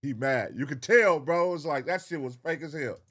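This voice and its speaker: A man with a somewhat high voice talks loosely through a reaction video. He riffs in slang, swears freely, and jumps in pitch when something riles him. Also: moderate pace. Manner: profane, animated, slangy riffing. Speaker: reaction channel host. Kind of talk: casual reaction commentary.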